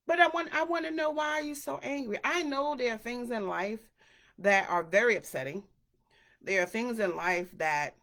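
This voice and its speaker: Chatty woman doing her own podcast, talks loose and casual, middle pitch, slips into little voices. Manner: chatty, animated, acts out quoted voices. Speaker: podcast host. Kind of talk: casual solo podcast talk.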